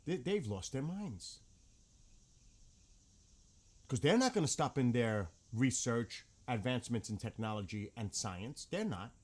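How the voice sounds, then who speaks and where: A man's voice: medium pitch, lively intonation, a little slow, pauses often. A man ranting bluntly about politics in a casual vlog, heated and swearing often. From United States. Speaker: vlogger.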